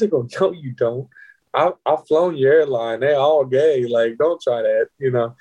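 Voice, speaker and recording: A man's voice: mid-range voice, moderate pace, poor audio. A middle-aged man telling a casual, profane story and acting out the people in it. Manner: animated, profane, acts out quoted voices. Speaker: guest.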